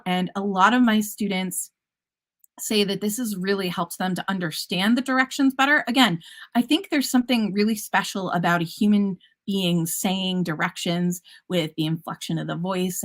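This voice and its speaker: Upbeat woman teacher presenting with puns. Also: lowish voice. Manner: upbeat and chatty, with playful puns. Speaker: teacher presenting at an education conference. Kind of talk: conference presentation.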